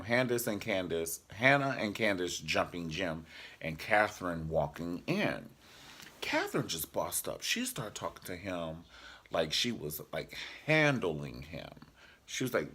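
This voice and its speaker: A man's voice: sits low, sharp tone, breathy edge. A man casually reviewing a TV drama episode in a sassy, joking vlog style. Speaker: TV show reviewer.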